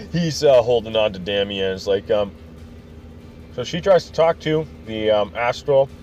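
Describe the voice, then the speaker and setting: Low-voiced guy rambling through a game story, jokey, lots of ums, bouncy pitch. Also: lively intonation, unhurried, long pauses, darkish tone, soft background music. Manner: rambling and joking, many fillers, acts out quotes. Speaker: podcast host. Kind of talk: casual recap of a video game story.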